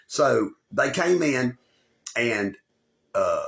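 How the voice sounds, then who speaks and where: A man spins a long, rambling tale straight to camera, swearing in nearly every sentence and bragging as he goes. His voice sits at an ordinary middle pitch, and he repeats himself and restarts when he loses his place. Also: very animated, very slow, creaky, a bit bright. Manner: swaggering, boastful, swears constantly, loses the thread and repeats himself. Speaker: channel host telling a personal story. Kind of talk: rambling profane storytelling to camera.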